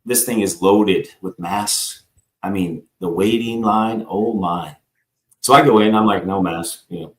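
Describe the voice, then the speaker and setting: A man with a fairly low voice tells his personal story as a guest on a live talk show. He rambles, acts out the people in the story and keeps addressing the host. The recording has a roomy echo. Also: measured pace.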